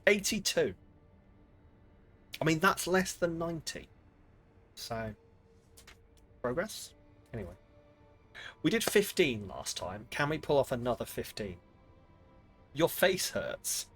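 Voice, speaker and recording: A man's voice: fairly high pitch, big pitch swings, slow, pauses often, fairly bright tone. A man streaming a video game, chatting and rambling in a self-mocking way with frequent swearing. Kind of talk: casual gaming commentary. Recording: game music clearly behind.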